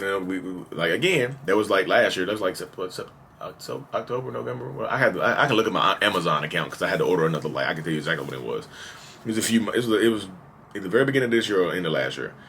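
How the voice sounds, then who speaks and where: A man in his thirties delivers a candid confessional monologue in a low, punchy, bright voice. He talks quickly and rambles, leaning hard on "like" and "you know". When he acts out heated exchanges, his voice flares up. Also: a little hiss or hum. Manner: rambling and animated, with many "like" and "you know" fillers; acts out quoted exchanges in raised, heated bursts. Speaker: vlogger and host of the channel.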